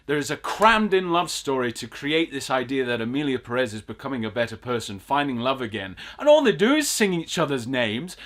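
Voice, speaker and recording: A man's voice: mid-range voice, big pitch swings, a little fast, hardly any pauses, a bit bright. A man hosting a film review podcast, ranting with exasperated, emphatic repetition in casual chat.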